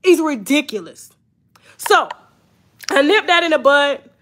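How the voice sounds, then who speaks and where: A woman, hosting a blunt, profane, animated storytime commentary. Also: sits high, unhurried. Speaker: commentary channel host.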